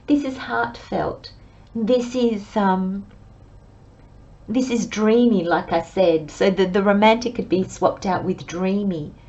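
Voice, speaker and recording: A woman giving a pick-a-card tarot reading, speaking gently and reflectively and addressing her viewers as friends. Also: mid-range voice, slow, highs cut off. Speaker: tarot reader.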